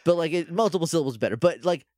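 A man co-hosting a casual podcast, recapping a TV episode in lively conversation. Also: fairly high pitch, very fast, dry recording, studio quality. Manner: lively, animated, acts out lines from the show. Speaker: podcast co-host.

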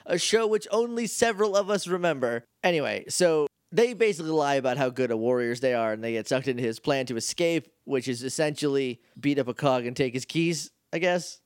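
Animated podcast co-host, dry close mic. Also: male voice, mid-range voice, a little fast, few pauses, smooth, no room sound. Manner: animated, acts out characters' lines while recapping. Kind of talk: casual recap chat.

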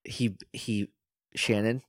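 A man's voice: fairly low pitch, level tone, slow, no echo, clean studio sound. A man co-hosting a casual podcast. He reacts to the story with jokes, swearing and frequent laughter. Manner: joking reactions, swears freely, laughs often. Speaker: podcast co-host.

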